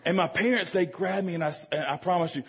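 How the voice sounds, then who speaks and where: A man delivers a sermon, his voice slightly husky and a touch higher than most. He talks straight to the congregation, animated and joking. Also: quick pace. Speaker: preacher. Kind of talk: storytelling sermon.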